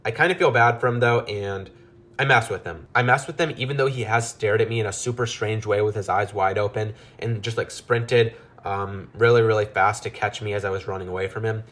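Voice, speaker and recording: A man's voice: on the low side, steady tone, fairly quick, a bit bright. A man narrating a storybook tale in a loose, rambling way, with casual asides.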